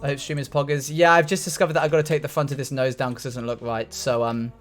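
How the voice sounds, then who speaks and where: A man's voice: mid-range voice, flat delivery, fast talker, faint music behind. A young man chatting casually with his live chat while he plays a building game, reading comments aloud and joking. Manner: chatty, reads chat aloud, jokey asides. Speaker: streamer.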